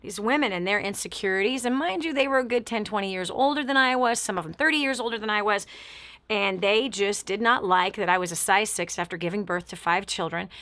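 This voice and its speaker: A woman's voice: medium pitch, a little fast, a bit bright, dry recording. A middle-aged woman hosting a talk show, telling a personal story in an emphatic, candid way with repeated build-ups.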